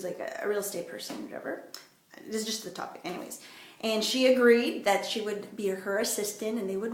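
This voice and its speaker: A woman's voice: on the high side, a bit bright, roomy sound. A woman vlogger from Canada, telling a story to camera in a chatty, rambling way with many fillers. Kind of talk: casual motivational talk to camera.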